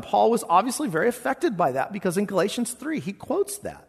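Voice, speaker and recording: Male pastor preaching, kinda husky, big hall reverb, goes loud then quiet. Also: sits high, brisk. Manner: expressive preaching with wide swings between loud and hushed. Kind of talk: sermon.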